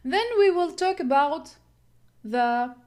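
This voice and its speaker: A woman's voice: sits high, animated, slow, a little mellow. A woman teaching English word stress, repeating words and counting syllables aloud. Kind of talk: classroom lesson on word stress.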